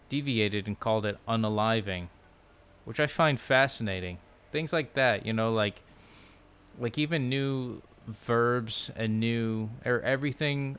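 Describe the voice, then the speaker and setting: A man vlogging from a low couch at home into his laptop, musing aloud in a loose, rambling way full of "like" and restarts. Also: a bit bright, clean tone. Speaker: language-learning vlogger. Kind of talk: casual rambling chat. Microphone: laptop microphone.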